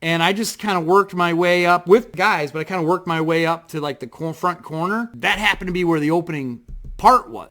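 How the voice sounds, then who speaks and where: A man vlogging from his home desk, telling a story in a rambling, excitable way, full of fillers and the odd swear word. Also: a little high. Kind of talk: casual storytelling to camera. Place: home desk in front of a computer.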